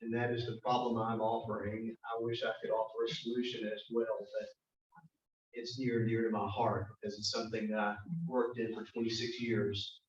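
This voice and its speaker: A man's voice: lowish voice, little pitch movement, moderate pace, slight background noise. A man giving a prepared, earnest speech to a club meeting. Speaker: guest speaker. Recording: echoey, distant, dull room recording.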